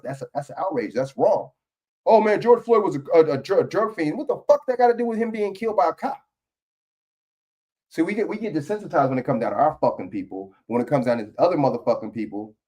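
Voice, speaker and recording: A man's voice: fairly high pitch, a little mellow. A man giving heated, profane reaction commentary on a political video clip.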